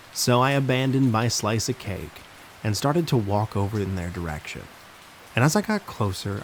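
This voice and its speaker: A man hosting and narrating true horror stories in a slow, ominous scripted delivery. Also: fairly low pitch, poor audio. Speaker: horror story narrator and host. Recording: faint hiss with rain sounds.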